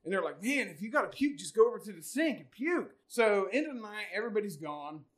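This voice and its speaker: Podcast dude telling an embarrassing story, keeps laughing, voice goes up and down a lot. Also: male voice, high-pitched, very animated, fast. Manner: laughs through his own story, swears freely. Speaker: podcast co-host. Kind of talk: casual storytelling chat.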